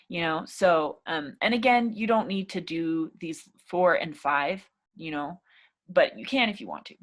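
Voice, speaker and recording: A woman's voice: on the low side, a little slow. Chatty woman teaching spoken English. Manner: chatty and encouraging, many fillers. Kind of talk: casual spoken lesson.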